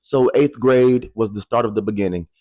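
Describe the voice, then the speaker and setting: A man in his twenties telling a personal story to the camera in an animated, candid way, talking straight to viewers and swearing casually. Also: lowish voice, moderate pace, dry recording.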